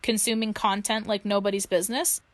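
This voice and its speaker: A woman's voice: mid-range voice, level tone, brisk, no echo. A young woman co-hosting a casual chat show, telling stories and acting out what people said. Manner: chatty storyteller, acts out quoted lines. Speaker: podcast co-host.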